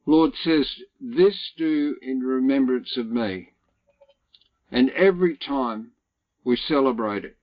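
A man leading a Bible study group, teaching and reading scripture aloud slowly and deliberately, stressing key words. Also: mid-range voice, lo-fi sound.

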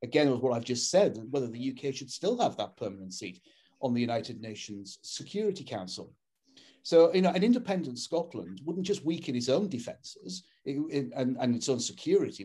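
English man, husky voice, mid pitch, earnest webinar panelist on a call, restarts a lot. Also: warm tone. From England. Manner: earnest, often restarts words and says "um". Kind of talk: webinar talk. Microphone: video call.

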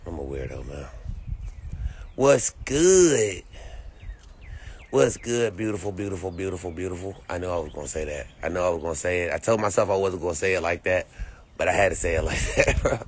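A man's voice: deep voice, quick pace, a little hiss or hum. A young man talks casually to his livestream viewers from a phone. His delivery is laid-back and slangy, full of repeated phrases and easy laughter. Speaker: livestream host.

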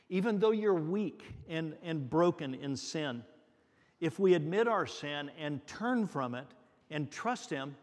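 Male pastor, fairly high voice, unhurried earnest sermon, long church reverb. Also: lively intonation. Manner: earnest, repeats words for emphasis. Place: church sanctuary.

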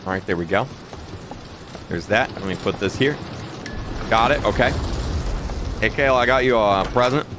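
A man's voice: fairly low pitch, normal speed, long pauses. Young aussie guy streaming a game, chatty, music going in the background. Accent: Australian. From Australia. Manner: chatty, reads out chat messages. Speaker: gaming streamer. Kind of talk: casual gaming stream chat.

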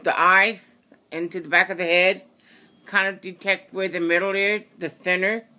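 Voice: medium pitch, flat delivery, moderate pace, sharp tone. A craft tutorial host giving a casual how-to demonstration, rambling and often correcting and apologizing.

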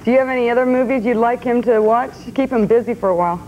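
A chatty female DJ trading banter on morning radio, giggling and filling gaps with "um." Her voice sits a touch higher than most, with a faint hiss behind it. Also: dull audio. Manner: chatty, giggly, fills pauses with um. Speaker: radio co-host, DJ.

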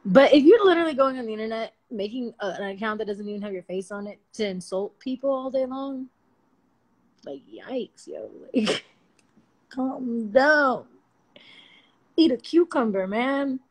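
A woman talking into her phone on a late-night livestream, loose and slangy with plenty of swearing. Her voice sits a bit high, and she swings between loud bursts and near-murmurs as she laughs her way through. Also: moderate pace, rough recording. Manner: slangy and profane, animated and laughing. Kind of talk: casual livestream chat.

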